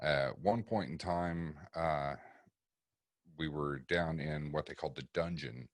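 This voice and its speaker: Very deep-voiced man. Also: takes it slowly, no echo, studio quality. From East Tennessee. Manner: profane, vivid storyteller acting out quotes. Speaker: paranormal investigator guest. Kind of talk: casual storytelling on a podcast.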